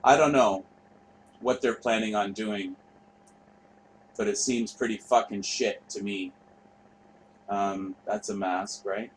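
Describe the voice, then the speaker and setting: A man's voice: on the low side, steady tone, slow pace, long pauses, slight background noise, rough recording. Offhand, foul-mouthed male host. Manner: rambling, profane, offhand. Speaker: show host. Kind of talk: casual commentary over footage.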